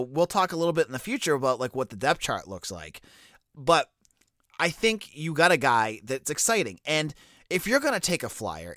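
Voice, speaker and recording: Recorded dry and clean in a studio, this man's voice sits on the high side with a fairly bright tone. Speaking with a Boston accent, the Boston-area college football recruiting analyst comments solo in a loose, conversational way, often using fillers and restarting sentences.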